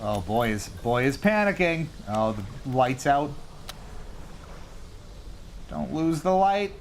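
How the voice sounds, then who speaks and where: A man's voice: medium pitch, slow pace, a little hiss or hum. A man streaming a video game, chatting casually to himself and joking about his own mistakes. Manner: animated, jokey, self-mocking, talks to himself. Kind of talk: casual live gameplay commentary.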